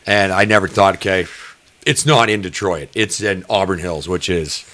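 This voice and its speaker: A man's voice: low voice, normal speed, a bit bright. A man telling a long, rambling story on a casual podcast, swearing freely and acting out what people said. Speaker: podcast co-host.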